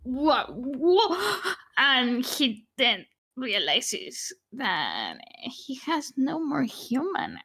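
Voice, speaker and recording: Woman gamer, bright tone, playful and giggly. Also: a little high, very animated, very slow, hardly any pauses. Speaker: player. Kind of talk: tabletop game chat.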